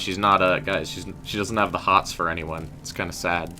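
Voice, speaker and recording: A man's voice: sits low, fairly even intonation, moderate pace, few pauses, sharp tone, soft background music. A young man casually commenting while playing a game, chatting with viewers and joking. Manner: chatty, addresses chat as guys, slangy. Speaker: game streamer. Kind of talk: casual let's-play commentary.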